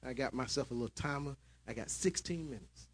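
A man preaching a sermon in church, shouting at his peaks and dropping into calmer storytelling. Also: mid-range voice, brisk, a little hiss or hum.

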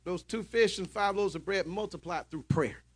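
A man preaching a sermon in church, shouting at his peaks and dropping into calmer storytelling. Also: high-pitched, normal speed, slightly rough.

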